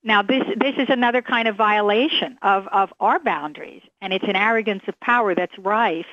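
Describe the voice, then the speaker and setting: A woman's voice: medium pitch, moderate pace, a bit bright, no echo. A woman speaking emphatically and indignantly as a psychic guest in a radio interview. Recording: dry, muffled radio sound.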